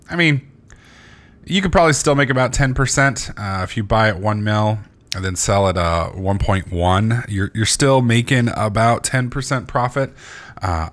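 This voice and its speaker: Sleepy rambling man, lowish voice. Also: a bit bright. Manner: rambling, swears freely, many fillers and restarts. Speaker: gaming channel host. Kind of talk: casual gameplay commentary.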